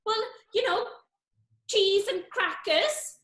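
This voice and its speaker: A very high-voiced, jittery woman from South Wales, hiding from suspicion and pleading for help, as an improv performer plays her. Her lilting accent carries the panic, and the call sounds like it was recorded in an echoey room. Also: lively intonation, takes it slowly, a bit bright, full character voice. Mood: anxious. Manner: anxious and pleading. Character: nervous woman suspect hiding out at a food festival. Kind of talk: live improv comedy.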